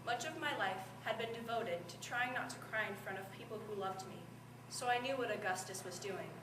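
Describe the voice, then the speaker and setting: A teenage girl narrating as a reflective teenage girl with cancer in a student stage performance, quiet and measured. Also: mid-range voice, close to an everyday voice. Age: teens. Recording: echoey room from far off, noisy.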